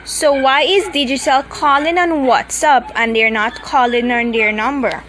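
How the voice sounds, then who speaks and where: A woman's voice: high voice, steady tone, normal speed, a bit bright. A woman on a recorded phone call, skeptical and firm, pressing with questions. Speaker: call recipient.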